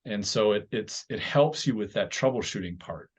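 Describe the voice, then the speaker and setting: A man hosting a conversational podcast, explaining his views in a measured, step-by-step way. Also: fairly low pitch, animated, slightly rough. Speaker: podcast host. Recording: dull lo-fi sound.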